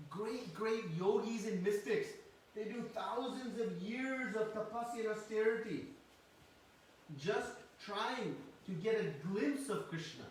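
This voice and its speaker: A man giving a religious class, telling a sacred story in an animated way and acting out the characters' words. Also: sits high. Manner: animated storyteller, acts out quotes, varies volume. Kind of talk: storytelling sermon. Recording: echoey room from far off, faint hiss.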